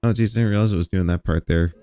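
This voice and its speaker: A man's voice: low-pitched, steady tone, fast, dark tone. A man streaming, reacting to an old video in a casual, sarcastic and profane way.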